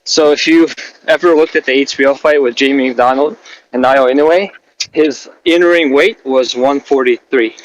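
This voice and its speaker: A man's voice: medium pitch, moderate pace, no echo, lo-fi sound. A man out of breath from working out, jumping into a casual podcast chat.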